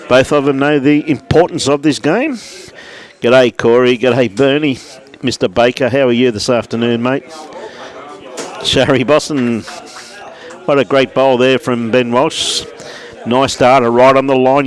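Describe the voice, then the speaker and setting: Indoors at a club, an Australian man calls lawn bowls live in a relaxed way, saying hello to viewers by name as the play unfolds. His voice sits in the mid range.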